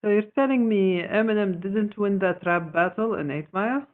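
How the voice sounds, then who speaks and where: A man's voice: high-pitched, normal speed. A man chatting and joking in a casual group voice chat, laughing often and restarting his sentences. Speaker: voice chat participant. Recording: phone-like voice chat audio.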